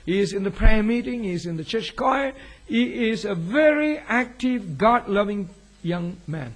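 A man's voice: sits high, animated, a little slow. A man preaching a sermon as a pastor, telling a story earnestly and rising sharply on key words. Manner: earnest, with sudden emphatic rises.

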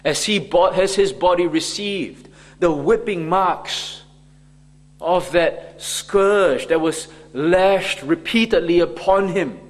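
A man preaching a sermon slowly and emphatically, acting out the mockers in quoted voices. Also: a little high, long reverb tail.

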